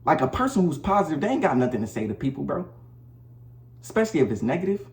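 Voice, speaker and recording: Man with a slightly high voice, blunt and repetitive, preaching to the camera in a roomy space. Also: big pitch swings, quick pace. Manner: blunt, preachy, slangy, repeats himself. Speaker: vlogger. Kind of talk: casual advice monologue to camera. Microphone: camera mic.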